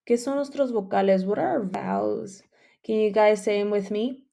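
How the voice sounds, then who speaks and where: A woman's voice: mid-range voice, normal speed, gravelly, dark tone. A woman teaching a bilingual phonics lesson, drawing out letter sounds and repeating rules in English and Spanish. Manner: switches between English and Spanish.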